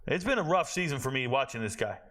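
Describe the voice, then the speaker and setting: A man hosting a college football show, giving blunt, profane, animated opinions and muttering to himself as he checks stats. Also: medium pitch, fast. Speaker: college football podcast host. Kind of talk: casual opinionated commentary.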